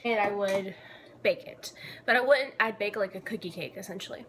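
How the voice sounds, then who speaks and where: A woman's voice: mid-range voice, normal speed, a bit bright. Bubbly young woman rambling while she bakes, self-mocking, noisy home recording with clicks. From Georgia, USA. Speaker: vlogger. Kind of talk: casual chat while baking.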